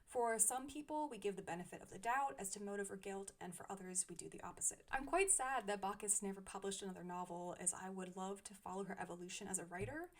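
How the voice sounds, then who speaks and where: A woman's voice: mid-range voice, quick pace, hardly any pauses. A young woman reviewing books she has read, speaking thoughtfully with frequent small laughs. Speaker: book reviewer. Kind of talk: casual book review.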